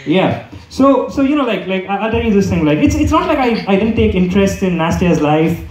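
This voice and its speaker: Man doing stand-up, high voice, lively and bouncy pitch, rambling with fillers, echoey club from a distance. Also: fairly quick, crowd noise. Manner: rambling, lots of fillers and restarts. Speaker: stand-up comedian. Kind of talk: stand-up comedy set. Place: comedy club stage with audience. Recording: echoey room, mic far off. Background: audience laughter.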